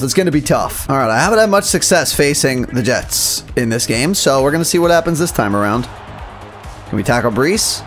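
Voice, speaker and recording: A young man commentating his own video game match, muttering plays quietly and then yelling at the big moments. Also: a little high. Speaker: gaming YouTuber. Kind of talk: live gameplay commentary.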